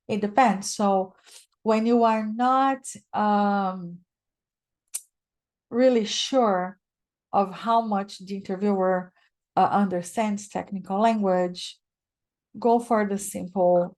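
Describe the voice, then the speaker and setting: A woman's voice: medium pitch, a little mellow. Female guest speaker, non-native English, webinar presenter, explanatory, checks in with the audience. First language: not English.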